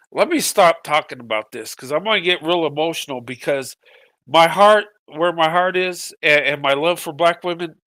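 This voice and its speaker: Tearful middle-aged man, high voice. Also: pushed and bright, no echo. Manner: halting, repeats words, voice breaking with emotion. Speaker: vlogger. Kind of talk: emotional personal monologue.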